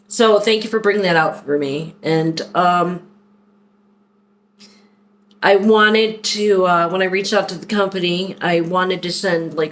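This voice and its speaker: A woman talking openly and at length in a personal vlog, rambling and heartfelt as she speaks to a viewer. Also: on the low side. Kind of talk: candid personal vlog talk.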